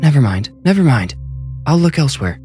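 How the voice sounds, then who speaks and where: A man's voice: on the high side, big pitch swings, fairly quick, voice pushed up. A man voicing a frightened young man who speaks with a formal, old-fashioned cadence and a slightly feminine, pleading manner. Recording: narration over clear background music.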